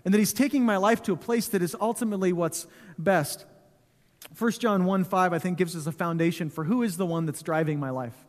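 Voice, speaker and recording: A man in his thirties preaching a sermon in a church, telling stories in a relaxed, conversational way with touches of humor. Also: sits high, brisk. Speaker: pastor. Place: church sanctuary. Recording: long hall reverb.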